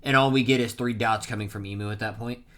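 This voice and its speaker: Excitable man recapping a manga chapter. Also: fairly low pitch, fast. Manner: excitable, reads panel dialogue aloud with bursts of loud emphasis; rambling with frequent restarts and self-corrections. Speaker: manga reaction streamer.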